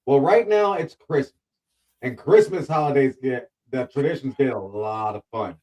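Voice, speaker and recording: A man's voice: medium pitch, normal speed, darkish tone, dull audio. A man hosting a casual talk show, playful and teasing as he introduces his guests. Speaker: host.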